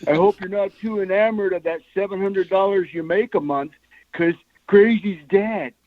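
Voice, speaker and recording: A man doing a quick impression of a blunt male comics editor delivering bad news in an offhand, matter-of-fact way. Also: high voice, pitched above the performer's own voice, close to an everyday voice. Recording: lo-fi, dry sound.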